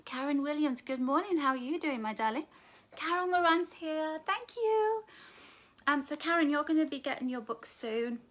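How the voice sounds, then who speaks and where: Animated and moderately paced, this high-pitched middle-aged woman from Northern England casually launches her book on a livestream from home, facing a phone or webcam. She welcomes viewers by name as "darling" or "love" and laughs at herself in giggly asides.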